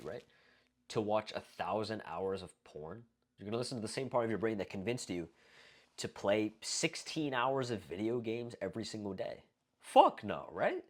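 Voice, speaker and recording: A young man giving a blunt, profane, casual self-improvement talk, full of fillers and rhetorical questions. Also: on the low side. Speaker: self-improvement video creator. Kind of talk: casual monologue to camera.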